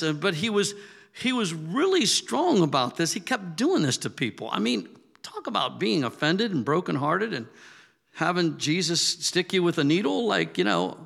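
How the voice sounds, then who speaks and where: A man's voice: sits high, sing-song, moderate pace, vocal fry, a bit bright, slightly rough. A man preaching a sermon in a casual, conversational way that builds to emphatic, raised peaks. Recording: long hall reverb.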